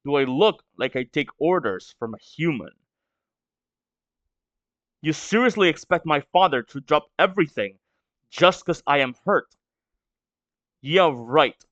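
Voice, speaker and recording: A man's voice: on the high side, expressive, measured pace, pauses often, a bit bright, no room sound, lo-fi sound. A stuffy-nosed man reading an arrogant young giant. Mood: scornful. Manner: scornful and defiant. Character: arrogant, hot-tempered young male giant. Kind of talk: reading a manga aloud.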